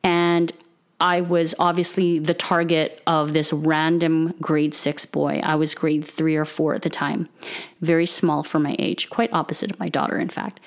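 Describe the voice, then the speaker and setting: Middle-aged mom telling a story, lowish voice, jumps way up when she acts out other people. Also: moderate pace. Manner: animated, acts out the voices in her story with big pitch jumps. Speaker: mother telling a personal story. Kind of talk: casual storytelling monologue.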